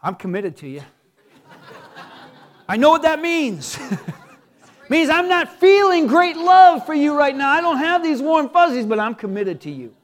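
A man's voice: extremely high pitch, animated, moderate pace. A middle-aged man preaching a sermon in a conversational, joking way, with many rhetorical questions. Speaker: pastor.

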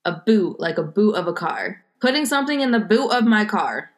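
A woman's voice: mid-range voice, expressive, normal speed. A woman from the United States in casual chat, quizzing a friend on slang and giving example sentences with a teasing manner. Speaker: quiz giver in a word game.

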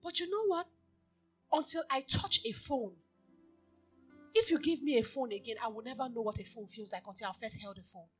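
A woman preaching a sermon, telling stories and moving from hushed, near-whispered talk to loud exhortation. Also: a little high, fairly quick, husky, faint music behind.

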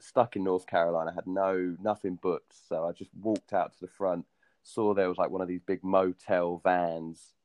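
A young English man in casual chat, telling a travel story with lively acted-out quotes. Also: deep voice, moderate pace, dry recording. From Britain.

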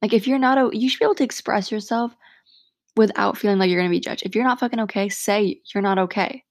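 A woman's voice: mid-range voice, fast, no echo, clean studio sound. A young woman hosting a solo podcast, talking frankly and from the heart, swearing freely and saying "like" a lot. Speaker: podcast host. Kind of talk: casual solo podcast monologue.

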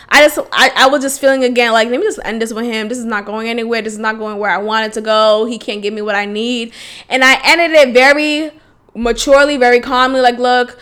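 A woman hosting a solo podcast, telling a personal story in a casual, animated way that swings into loud, exasperated outbursts. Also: sits high. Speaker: podcast host.

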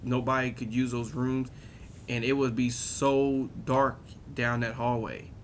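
A man's voice: mid-range voice, little pitch movement, measured pace, a little hiss or hum. A man in casual chat with friends, telling a story with lots of laughter.

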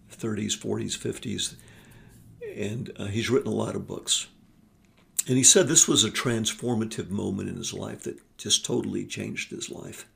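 Gravelly low-voiced man telling a story. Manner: earnest, with frequent fillers and restarts. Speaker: vlogger on forgiveness. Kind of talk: casual storytelling monologue.

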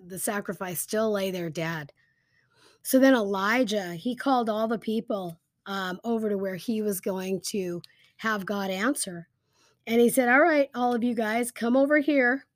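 A woman teaching a Bible story in a casual, lively storytelling way, with frequent fillers like "um" and "like". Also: medium pitch, a little slow, no room sound, clean studio sound.

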